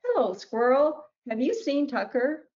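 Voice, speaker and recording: A woman's voice: high voice, big pitch swings, measured pace, a little mellow, lo-fi sound, pitched above the performer's own voice. A woman voicing Mary, who politely asks each animal she meets whether it has seen her lost cat. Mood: hopeful asking. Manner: asks each creature the same question politely.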